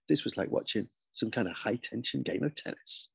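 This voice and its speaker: A man, an author, reading his children's story aloud with lively, expressive storytelling. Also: lowish voice, brisk, vocal fry, breathy edge, dry recording.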